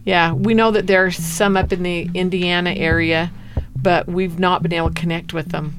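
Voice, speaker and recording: Animated middle-aged woman telling a story. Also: fairly low pitch, normal speed, noisy background. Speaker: interviewee. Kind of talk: storytelling in an interview.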